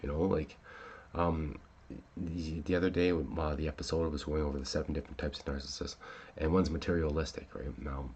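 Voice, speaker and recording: A man's voice: very deep voice, little pitch movement, fairly quick, darkish tone, slightly rough. A man hosting a casual talk show, rambling with many fillers and restarts and swearing when upset. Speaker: podcast host.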